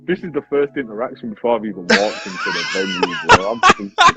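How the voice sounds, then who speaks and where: A man, a grime artist and battle rapper telling a story in a casual interview, animated, swearing often and saying "bro" all the time. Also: mid-range voice, brisk, few pauses. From Leeds, England. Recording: tinny phone-like sound with faint music.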